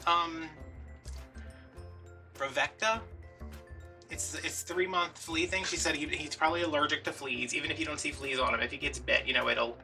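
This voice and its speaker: A man, chatting and telling an animated story while he makes a craft at home. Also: fairly high pitch, moderate pace, pauses often, far from the mic, soft background music. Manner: chatty, animated, acts out quotes. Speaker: craft vlogger.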